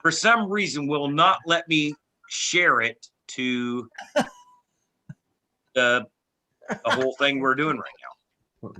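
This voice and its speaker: A man's voice: medium pitch, fairly even intonation, takes it slowly, long pauses, bright, forceful tone. A man co-hosting a live show, teasing his co-hosts and rambling about a technical glitch. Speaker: co-host. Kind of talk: casual chat.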